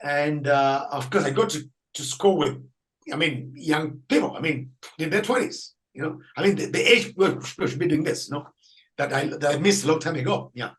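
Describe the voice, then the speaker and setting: A priest telling a story in an interview, acting out the people in it and laughing often. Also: male voice, a little high, moderate pace, rough recording. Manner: animated storyteller, acts out dialogue, laughs often. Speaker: Catholic priest guest.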